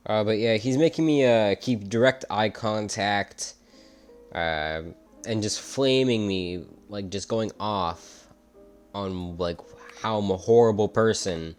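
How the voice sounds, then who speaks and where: A man's voice: fairly low pitch, slow pace, faint music behind. A young man telling a story in casual commentary, rambling, with frequent uhs and restarts. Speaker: YouTube commentator.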